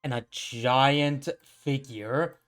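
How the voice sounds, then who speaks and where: A game master narrating a tabletop game in a relaxed, chatty way, laughing often. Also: medium pitch, very slow.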